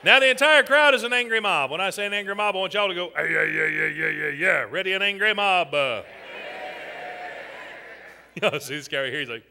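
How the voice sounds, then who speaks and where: A man hosting a comedy show, teasing audience members in a loud, folksy way. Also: high voice, animated, a little fast, long pauses, a little hiss or hum. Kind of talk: audience participation stand-up. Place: theater stage with live audience. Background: audience laughter.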